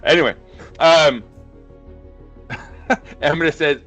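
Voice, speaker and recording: A man's voice: on the high side, normal speed, faint music behind. American man reading listener comments. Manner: relaxed, laughs often, reads comments aloud. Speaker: podcast host. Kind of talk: casual football chat, reading listener comments.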